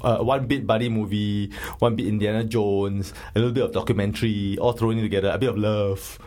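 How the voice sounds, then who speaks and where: A man's voice: lowish voice, steady tone, brisk, a little mellow. A man chatting casually and opinionatedly as a film review host. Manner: chatty and opinionated, with lots of filler. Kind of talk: casual chat.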